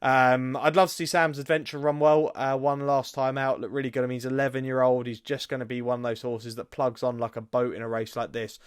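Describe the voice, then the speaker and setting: Man, racing preview co-host, brisk odds listing, chatty asides, dry close sound. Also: mid-range voice, level tone, clear, resonant tone, no room sound. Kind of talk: casual racing preview chat.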